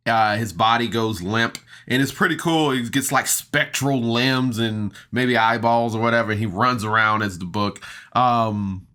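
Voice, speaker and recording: A man's voice: mid-range voice, a little slow, bright, forceful tone. A man casually recapping a tabletop game episode on a podcast, chatty and enthusiastic, with laughs and fillers. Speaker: podcast reviewer.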